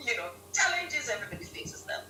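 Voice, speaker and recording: A woman from Ghana, a guest on a live-stream interview, telling stories in an animated way and laughing often. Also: fairly high pitch, fast talker. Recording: roomy, distant mic with faint hum.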